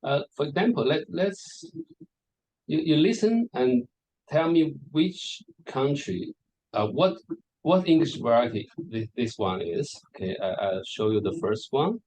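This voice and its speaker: A man's voice: on the high side, sing-song, measured pace, a little mellow, poor audio. Hesitant male lecturer giving a presentation. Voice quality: hesitant, with many repeated words and fillers. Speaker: lecturer presenting on English varieties. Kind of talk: conference presentation.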